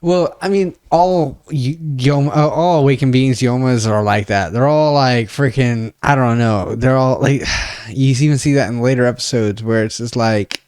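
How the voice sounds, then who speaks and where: A man co-hosting a casual anime discussion, rambling and animated, with mocking put-on voices. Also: mid-range voice, moderate pace, hardly any pauses, clean tone, dry recording, studio quality. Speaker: podcast co-host.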